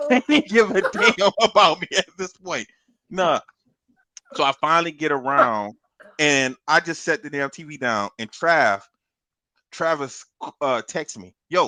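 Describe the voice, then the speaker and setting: A man's voice: sits high, bright, forceful tone, no echo. A man co-hosting a podcast, telling a long story in casual chat, swearing, laughing often and acting out what other people said. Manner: acts out other people's lines while retelling. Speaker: podcast co-host.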